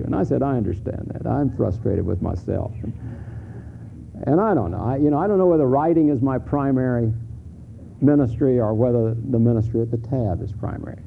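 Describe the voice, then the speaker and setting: A man's voice: mid-range voice, creaky. A middle-aged man, a pastor, preaching a sermon in a candid, conversational way, stumbling over restarts and rising to emphatic peaks. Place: church sanctuary. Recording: phone-like lo-fi sermon recording with faint hiss.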